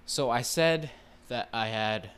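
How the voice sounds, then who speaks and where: A man's voice: medium pitch, takes it slowly, fairly bright tone, slight background noise. A man hosting his own podcast, ranting casually in a rambling, heavily profane way full of fillers. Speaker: podcast host. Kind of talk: casual solo rant.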